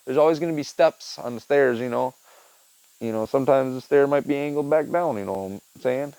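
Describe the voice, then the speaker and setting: A young man vlogs casually from a rural backyard, talking into a handheld phone camera in a laid-back, rambling way packed with fillers. His mid-range voice is brisk, warm, clear and resonant, with no echo.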